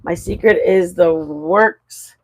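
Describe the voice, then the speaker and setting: A woman's voice: on the low side, slow pace, rough recording. A woman hosting a live stream, chatting frankly and animatedly with her viewers. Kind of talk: casual chat to viewers.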